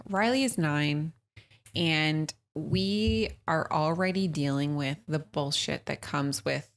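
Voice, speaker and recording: Woman in her thirties, low voice, gravelly fry, blunt and sweary, casual co-host banter. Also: slow pace. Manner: blunt, swears freely, laughs often. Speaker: podcast co-host.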